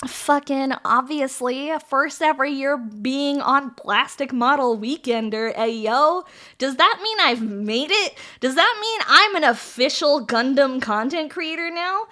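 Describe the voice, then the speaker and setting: A woman's voice: high voice, slow, pushed and bright. A woman streamer chatting casually with her viewers while building model kits, playful and giggly, with frequent swearing. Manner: giggly, profane, playful banter with chat.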